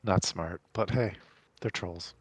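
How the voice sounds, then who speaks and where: A man's voice: deep voice, slow pace, slightly rough, no echo. A man playing a tabletop game, planning tactics in a laid-back, dry way. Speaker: player. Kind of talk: casual tabletop game chat.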